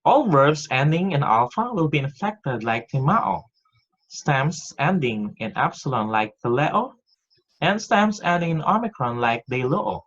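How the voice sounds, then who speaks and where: Methodical male teacher, lively pitch. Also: measured pace. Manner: methodical, reciting rules step by step. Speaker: Greek teacher. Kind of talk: recorded online lecture. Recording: dull lo-fi audio.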